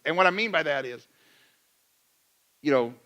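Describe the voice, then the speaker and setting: Bright, high-voiced pastor preaching casually. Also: male voice, expressive, moderate pace. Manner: conversational, self-deprecating, acts out his own rants. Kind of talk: sermon. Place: church.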